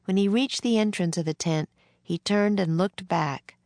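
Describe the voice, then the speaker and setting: A woman reading a children's book aloud in a gentle, measured way. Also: mid-range voice, no room sound. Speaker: narrator.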